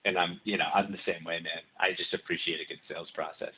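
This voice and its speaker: Low-voiced man on a hissy, tinny line. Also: steady tone, brisk. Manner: loose, rambling speech with many restarts. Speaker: guest. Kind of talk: casual interview chat. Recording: tinny remote line with hiss.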